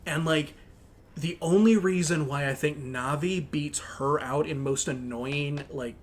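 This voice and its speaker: A man's voice: fairly high pitch, a little slow. A man co-hosting a podcast in casual chat, rambling with many fillers and restarts. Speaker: podcast co-host.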